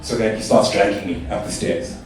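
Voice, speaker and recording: A young man from South Africa performing a stand-up comedy routine, telling stories in an animated way and jumping to high squeals when he quotes himself. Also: a little fast, faint music behind. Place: stage in a club or hall. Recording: echoey live stage sound from a distance.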